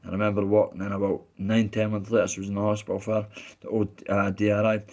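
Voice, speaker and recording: A man's voice: on the low side, level tone, quick pace, a little mellow. A Scottish man chatting casually on a live stream, reading out chat messages in a blunt, candid way with plenty of swearing and heartfelt asides.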